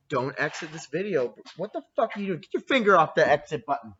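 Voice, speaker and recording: Young man, host, rowdy and profane, lively up-and-down pitch, dull lo-fi sound. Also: a little fast, hardly any pauses, slightly rough. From Canada. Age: 20s. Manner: rowdy, swearing, laughs often. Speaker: podcast host. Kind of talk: profane casual chat to camera.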